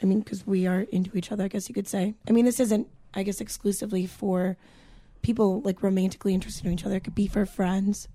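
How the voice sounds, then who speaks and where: A woman's voice: mid-range voice, flat delivery, fast talker, dark tone, dry recording. A young adult woman chatting casually, swearing freely and filling her sentences with "like" and "um.". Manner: casual swearing, lots of fillers. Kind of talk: casual chat.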